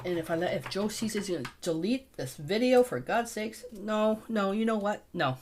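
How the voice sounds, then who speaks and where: A middle-aged woman gives a casual painting tutorial, her voice at an ordinary middle pitch. She is chatty and talks her thoughts out loud as she mixes colours. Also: animated, moderate pace. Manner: chatty, thinks aloud while mixing paint. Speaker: painting teacher.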